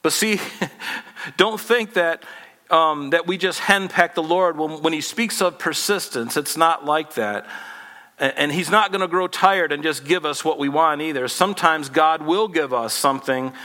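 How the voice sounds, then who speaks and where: A man's voice: on the high side, measured pace, pushed and bright, in a large hall. A man in his forties preaching a sermon in a conversational, humorous way, acting out little dialogues. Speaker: pastor.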